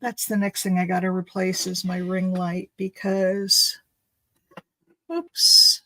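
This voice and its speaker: A woman's voice: fairly low pitch, level tone, slow pace, sharp tone, dry recording, rough recording. A woman making a craft video, chatting in a rambling, thinking-aloud way as she opens gifts at home. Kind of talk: casual chatty unboxing.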